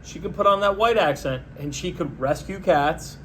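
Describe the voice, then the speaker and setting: Male host, slightly higher register, deadpan sarcastic monologue, faint hiss behind. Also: normal speed. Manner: sarcastic, mocking, deadpan pitching. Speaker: podcast host. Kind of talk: solo comedic political rant.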